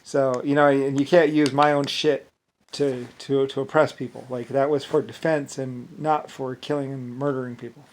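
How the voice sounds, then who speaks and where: A man's voice: medium pitch, little pitch movement, moderate pace, a little hiss or hum. A man talking in a rambling, repetitive monologue, breaking into short laughs. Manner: rambling and repetitive, stacking restarts.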